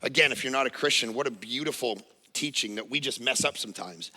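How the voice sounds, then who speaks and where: A man in his forties preaching a sermon as pastor, in a lively, conversational storytelling manner with touches of humor, in a church auditorium. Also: mid-range voice, fast. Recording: reverberant church hall.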